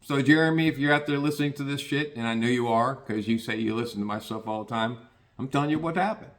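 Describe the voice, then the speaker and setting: An older man from the Cincinnati area of the US delivers a rambling podcast monologue, speaking plainly and casually, often restarting his sentences and cursing now and then. He talks fast with a medium pitch.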